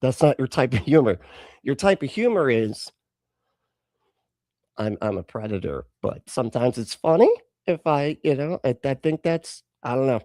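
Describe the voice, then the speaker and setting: A man's voice: mid-range voice, animated, moderate pace, warm tone, no room sound, clean studio sound. A man hosting a live stream and reacting to clips in casual chat, sarcastic, often laughing and swearing.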